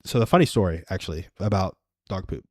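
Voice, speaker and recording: Twenties male stream host, low voice, dry close sound, rambling and self-amused. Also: expressive, fast, dry recording. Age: 20s. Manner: rambling and self-amused, chuckles at his own stories. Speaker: livestream host. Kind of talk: casual solo livestream chat.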